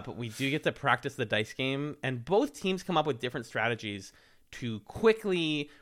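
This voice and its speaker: A man co-hosting a podcast, recapping a reality show in casual chat, animated and laughing often as he acts out quotes. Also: mid-range voice.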